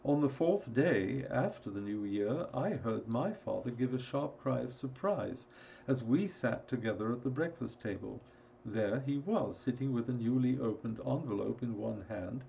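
A man narrating a classic story in a steady, measured storytelling voice. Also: medium pitch, gravelly, lo-fi sound, a little hiss or hum. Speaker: audiobook narrator. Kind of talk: scripted narration.

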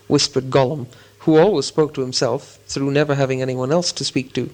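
A man narrating a storybook in a slow, deliberate storytelling manner. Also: mid-range voice, steady tone, a little mellow. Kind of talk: reading a storybook aloud.

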